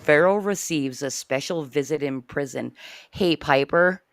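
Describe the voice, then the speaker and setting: A man's voice: a little high, a little slow, fairly bright tone, dry recording. A man illustrator narrating his comic aloud and chatting with his co-writer.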